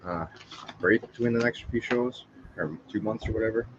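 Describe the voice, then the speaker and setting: A man chatting casually while opening trading card packs, offhand and relaxed. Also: on the low side, normal speed, dull audio, noisy background. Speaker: co-host. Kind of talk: casual chat.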